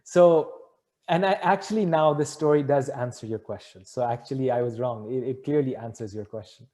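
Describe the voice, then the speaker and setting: A man's voice: mid-range voice, moderate pace, mellow. A man answering a question with an earnest, rambling story that corrects itself as he goes. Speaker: spiritual speaker answering a question.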